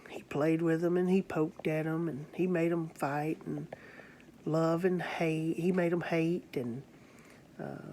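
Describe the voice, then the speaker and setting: A preacher tells a sermon story at an unhurried pace. The delivery is earnest and halting, with many pauses, and faint noise sits under the voice. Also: medium pitch, darkish tone. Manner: slow, earnest, halting with fillers.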